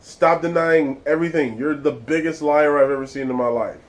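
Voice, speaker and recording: A male vlog host rants in casual commentary, blunt and swearing freely. His voice sits a little high, and his tone stays exasperated throughout. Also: fairly even intonation, normal speed, low-quality recording.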